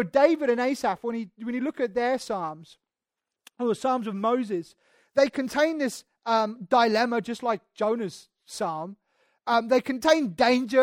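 A preacher giving an expository sermon in a conversational, emphatic way, often restarting phrases and acting out quoted speech with sudden swings in loudness. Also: medium pitch, no room sound, studio quality. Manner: acts out quoted speech with sudden shifts in volume.

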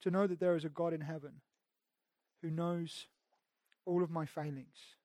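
A man delivers a sermon in a fairly high voice. He swings between raised, emphatic lines and soft, intimate passages, often repeating or restarting his words. The sound is dry and close, with no room echo. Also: fairly even intonation, normal speed. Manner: preaching with dramatic swings between loud emphasis and hushed intimacy. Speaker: pastor.

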